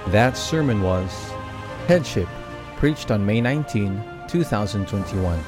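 A man's voice: on the low side, expressive, measured pace. A man reading formal radio announcements around a sermon broadcast. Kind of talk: scripted announcement. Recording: radio program with music bed.

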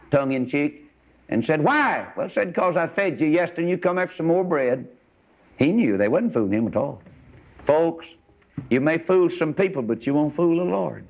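A man preaching a sermon in a folksy, emphatic way, with rhetorical questions to his listeners. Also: medium pitch. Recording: dull lo-fi old sermon recording.

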